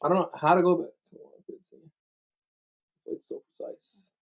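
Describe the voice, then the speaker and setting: Young man, fairly high pitch, casual livestream chat, rambling, apologetic. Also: fairly even intonation, normal speed, creaky, low-quality recording. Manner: rambling, apologetic, laughs often. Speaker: livestream co-host.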